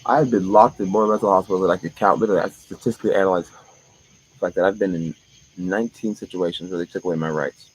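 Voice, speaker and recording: Low-voiced man rambling on a stream. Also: fairly even intonation, fast talker, a little hiss or hum, low-quality recording. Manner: profane, jumps between topics. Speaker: live streamer. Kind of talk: rambling live-stream monologue.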